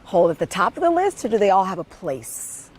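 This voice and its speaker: A woman's voice: mid-range voice, sing-song, fairly quick, slight background noise. A woman from Kansas interviewing a guest in an upbeat, chatty and eager way. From Kansas, USA. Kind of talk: casual interview.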